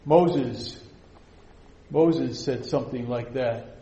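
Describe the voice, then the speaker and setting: A man preaching a sermon, slow and emphatic, dropping to hushed lines and rising to loud, soaring quotations. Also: mid-range voice, roomy sound, poor audio. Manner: slow, drawn-out emphatic delivery.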